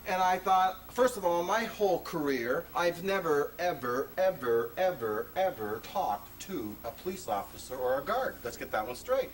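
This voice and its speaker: This impassioned public talk comes from a man whose voice sits on the high side, animated and at normal speed with few pauses. Speaking before an audience at a presentation venue, he recounts his personal story emphatically and conversationally, with abrupt jumps in his voice. Faint noise and a distant mic mark the 1980s video recording.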